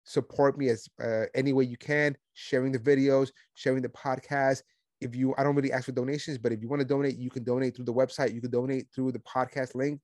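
A man's voice: medium pitch, flat delivery, fast, darkish tone, no room sound. Blunt Puerto Rican man, dry mic. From Puerto Rico. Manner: indignant, blunt, self-mocking. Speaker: podcast host. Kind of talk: opinionated commentary.

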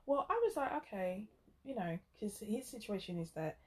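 Brief: woman, mid-pitched, frank and exasperated storyteller in casual chat. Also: expressive, normal speed.

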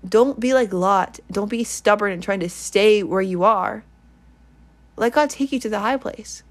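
A woman's voice: mid-range voice, measured pace. A woman giving an earnest, rambling online sermon, repeating her points and leading a prayer. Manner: earnest, repetitive, rambling exhortation. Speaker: online preacher.

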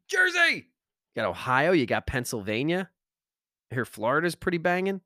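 Energetic middle-aged male podcast host, motivational monologue, emphatic, very dry recording. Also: mid-range voice, no echo. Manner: energetic, emphatic, repeats phrases for effect.

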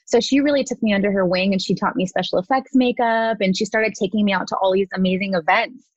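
A woman's voice: mid-range voice, steady tone, fast, no echo. A woman in her thirties, a makeup artist being interviewed, telling her story in a chatty way, full of "like" and "you know", acting out what people said. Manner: chatty, lots of "like" and "you know", acts out quotes. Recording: dry, slightly dull audio.

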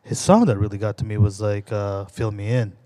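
A man's voice: lowish voice, steady tone, fairly quick, dark tone. A man co-hosting a podcast in casual, joking chat, swearing freely while giving cooking tips. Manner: profane, joking, gives cooking advice. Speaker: podcast co-host. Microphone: audio interface.

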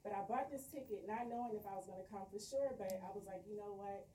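A woman's voice: medium pitch, fast, warm tone, far from the mic, a little hiss or hum. A middle-aged woman, a guest and mother, telling a personal story in an earnest, emotional way. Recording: roomy, off-mic, faint background.

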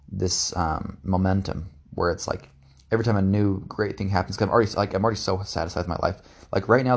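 Low gravelly-voiced earnest young man. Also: darkish tone. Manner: earnest, repeats and restarts words, trails off often. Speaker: podcast host. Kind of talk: casual reflective monologue.

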